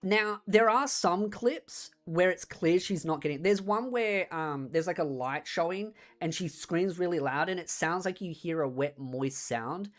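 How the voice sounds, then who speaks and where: Rambling low-voiced woman streamer. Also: measured pace, hardly any pauses. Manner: rambling, animated retelling. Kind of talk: casual stream chat. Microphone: desk streaming mic.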